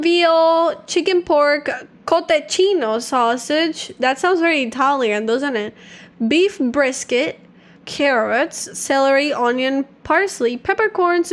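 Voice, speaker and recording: High-voiced chatty woman streamer. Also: fairly bright tone. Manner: chatty, giggly, reads aloud to chat. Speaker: livestreamer. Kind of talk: casual gaming stream chat.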